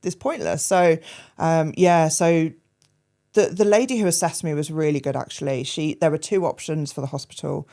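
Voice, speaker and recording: A woman, a podcast guest telling her personal story frankly, hesitant and full of fillers, with dark humour. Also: deep voice, fairly even intonation, normal speed.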